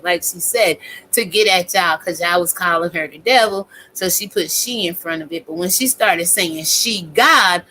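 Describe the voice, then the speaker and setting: A woman, in her thirties, delivering a blunt, profane, animated live-stream rant as a commentary host. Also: lowish voice, a little hiss or hum, low-quality recording.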